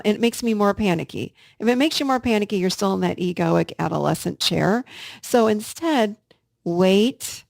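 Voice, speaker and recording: A woman podcast host speaks in an earnest, encouraging way, addressing her listeners directly. Her mid-range voice carries a gravelly vocal fry. The recording is close and dry, with no room sound. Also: medium pitch, normal speed, darkish tone, no echo. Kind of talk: casual self-help podcast talk.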